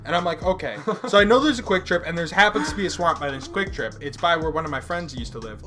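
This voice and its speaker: Lively high-voiced young man telling stories. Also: fast talker, soft background music. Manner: animated, profane, acts out quotes. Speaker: podcast host. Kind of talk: casual storytelling chat.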